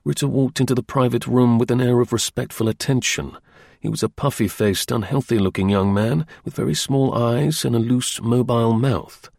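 Male narrator, steady reading, gravelly, dry close recording. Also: medium pitch, moderate pace, dry recording. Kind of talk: audiobook reading.

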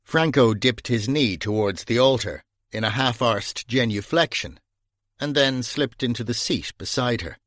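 Male narrator for a crime audiobook: middle voice, steady pacing, dry close mic. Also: mid-range voice, no echo. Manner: even, measured storytelling. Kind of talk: scripted narration.

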